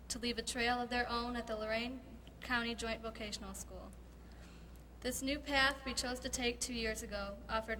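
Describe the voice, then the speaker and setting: A teenage woman, a graduating student, reading a prepared graduation speech in a measured way at a podium mic in a large hall. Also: fairly high pitch, pushed and bright, a little hiss or hum. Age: teens. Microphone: podium mic over a PA.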